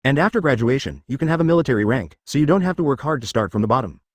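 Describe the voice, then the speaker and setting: A man's voice: mid-range voice, lively intonation, very fast, no room sound, close to an everyday voice. A man voicing an arrogant, domineering young man who talks impatiently and dismissively in a plain reading voice.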